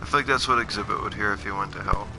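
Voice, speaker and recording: Gravelly man joking through a game. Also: lowish voice, steady tone, rapid-fire, very noisy. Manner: joking, rambling, self-deprecating. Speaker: gaming livestreamer. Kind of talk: casual gameplay commentary. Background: game music.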